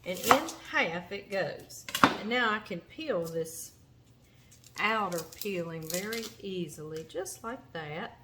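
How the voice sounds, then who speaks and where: A Southern woman with a Louisiana drawl walks viewers through her kitchen prep, chatty and folksy. She talks slowly and easily, at a middling pitch. Chopping and clatter come through clearly behind her voice. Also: lively intonation, background noise. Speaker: cooking show host. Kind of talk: cooking demonstration. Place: home kitchen.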